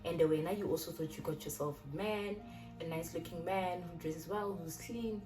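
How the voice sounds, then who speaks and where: A young South African woman, a YouTuber, casually retells a personal story in a fairly low, slightly fast voice, animatedly acting out what the people in it said. The room is echoey, the mic distant, and music plays in the background.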